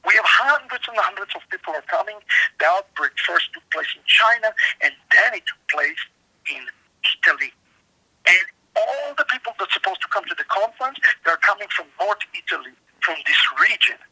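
Earnest man with a scratchy, gravelly voice. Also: high-pitched, expressive, normal speed, bright, forceful tone. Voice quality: slightly scratchy voice. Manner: earnest, emphatic, with repeated restarts. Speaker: author and guest. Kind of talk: storytelling in an interview.

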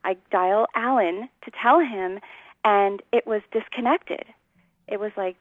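A woman's voice: medium pitch, a little slow, dry recording, narrow, tinny audio. A woman earnestly telling her personal testimony in a conversation, acting out the voices of people in her story. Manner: earnest storytelling, acts out quotes, laughs often.

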